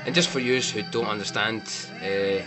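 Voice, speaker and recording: A man's voice: fairly low pitch, steady tone, normal speed, over loud music. A man giving casual, wry commentary on film mistakes over clips, with sarcastic asides. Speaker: movie mistake reviewer.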